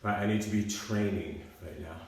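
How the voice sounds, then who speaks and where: A male personal trainer leads a workout, slightly out of breath, his voice on the low side. He calls out short cues and keeps asking "right?" The sound bounces around a very echoey room, picked up from a distance. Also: fairly even intonation, moderate pace, a little mellow. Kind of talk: live workout instruction.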